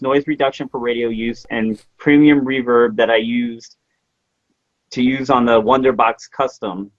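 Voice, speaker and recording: A man's mid-range voice, free of room sound, comes through a muffled remote connection as he co-hosts a casual paranormal podcast. In live-stream chat style, he reads news and viewer comments in a dry, exasperated manner.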